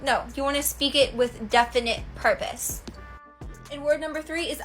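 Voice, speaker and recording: A woman's voice: sits high, moderate pace, fairly bright tone, soft background music. A woman giving manifesting tips to camera, emphatic and confident. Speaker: manifestation coach.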